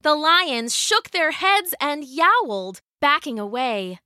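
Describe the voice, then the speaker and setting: A woman narrating a scripted children's story in a measured, vivid way. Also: high voice, big pitch swings, pushed and bright, dry recording, clean studio sound.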